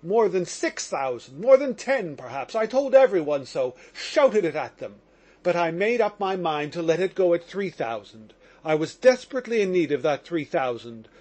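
A man's voice: a little high, big pitch swings, normal speed, a little mellow. A man voicing an impassioned young man accused of murder, in audiobook narration. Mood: agitated. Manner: impassioned, exclamatory.

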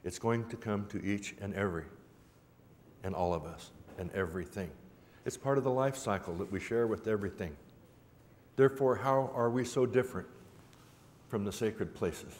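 A man giving a public talk in a folksy, gently humorous way, with a rhythmic, repetitive storytelling cadence. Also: fairly low pitch, moderate pace, long pauses. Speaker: symposium speaker. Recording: reverberant hall with faint background noise.

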